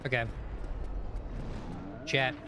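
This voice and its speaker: A man's voice: extremely slow, over loud music. A man streaming a game live, talking casually to his chat in a rambling, chatty way with many fillers.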